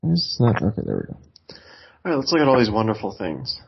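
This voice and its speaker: Man, husky voice, lively pitch, dry teasing banter, muffled call audio. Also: brisk. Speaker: podcast co-host. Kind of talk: casual chat. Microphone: remote call microphone.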